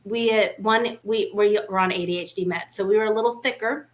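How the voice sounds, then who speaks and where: Her voice is medium-pitched and fairly quick, with fairly even intonation. This small-town American podcast co-host chats casually, spinning playful, frank stories.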